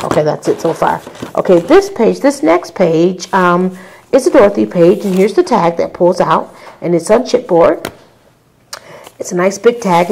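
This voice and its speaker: Woman, fairly low voice, chatty craft show-and-tell, lots of ums, talking to viewers. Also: vocal fry, a little mellow, slight background noise, rough recording. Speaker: crafter showing a handmade album. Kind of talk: casual show-and-tell tutorial.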